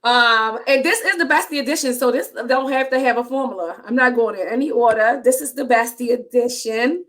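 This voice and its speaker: A woman's voice: a little high, brisk, fairly bright tone. A woman hosting a casual live-stream chat with an author, chatty and informal, laughing often. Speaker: host of author reading show.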